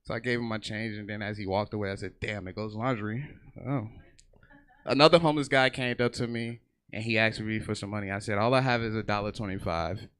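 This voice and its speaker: A man's voice: fairly low pitch, fairly even intonation, fairly quick, a bit bright, clear, resonant tone. A man doing a profane stand-up comedy set on a theater stage, telling stories and briefly acting out other people's voices. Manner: profane, storytelling, acts out voices in bursts.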